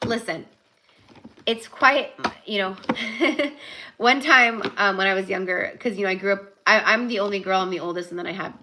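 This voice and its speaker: A young woman giving a live tarot reading, chatty and rambling, full of fillers, slowing down to stress spiritual points. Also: medium pitch, noisy background. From California. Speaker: tarot reader.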